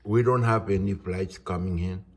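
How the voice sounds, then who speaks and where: A man, ranting in a halting, indignant monologue. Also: deep voice, fairly even intonation, a little hiss or hum. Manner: indignant, halting, restarts words. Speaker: vlogger.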